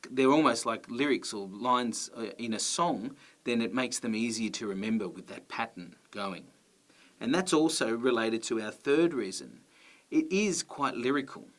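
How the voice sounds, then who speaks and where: A man's voice: lowish voice, fairly bright tone. Man explaining a lesson. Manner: clear, methodical explaining with occasional ums and uhs. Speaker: English teacher presenting a video series.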